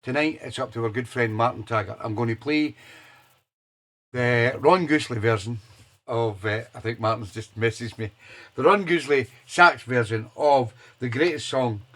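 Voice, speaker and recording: A man's voice: mid-range voice, moderate pace, fairly bright tone. A man, hosting a live soul radio show in a chatty, enthusiastic way with loose hesitations. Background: music playing.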